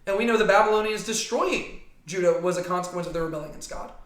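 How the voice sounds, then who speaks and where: A man's voice: sits high, fast talker, a bit bright. A man teaching a casual Bible study to a small group, talking conversationally and often checking in with "right?". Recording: echoey room.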